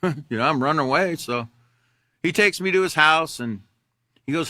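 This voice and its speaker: A man's voice: fairly high pitch, normal speed, pauses often, sharp tone, dry recording. A middle-aged man teaching a character education class, telling a candid personal story in a conversational way. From Alaska.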